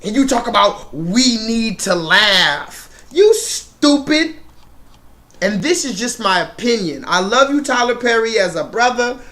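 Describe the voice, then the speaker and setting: A man hosting a live stream, ranting loudly and mockingly with lots of profanity and talking to his chat. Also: very high voice, animated, unhurried. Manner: profane, loud, mocking rant addressing chat.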